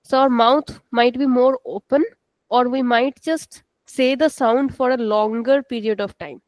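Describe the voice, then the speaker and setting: A woman's voice: a little high, steady tone, dry recording, low-quality recording. Patient woman teaching an online class. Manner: slow, patient, repeats words for students. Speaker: Portuguese language teacher. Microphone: video call.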